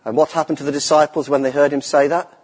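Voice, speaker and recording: Heard in an echoey church hall with long reverb, a middle-aged lay preacher talks fast in a husky voice on the high side, keeping his tone steady. His sermon is earnest and emphatic, with key phrases repeated for weight.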